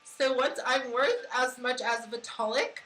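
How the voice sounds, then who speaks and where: A woman's voice: sits high, steady tone, unhurried, a bit bright. An American woman hosting a casual crypto podcast, rambling and giggling with lots of fillers. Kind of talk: casual livestream chat. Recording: echoey room with faint noise.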